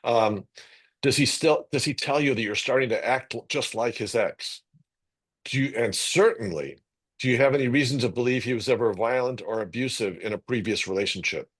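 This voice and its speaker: Guy moderating a webinar over video call, mid pitch, measured and reflective. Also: slightly rough. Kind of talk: conversational moderation.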